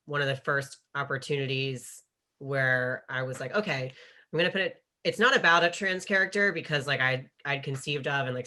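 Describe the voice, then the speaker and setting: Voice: mid-range voice, sharp tone. An author speaking as a guest in a panel talk, rambling and full of filler words, often laughing.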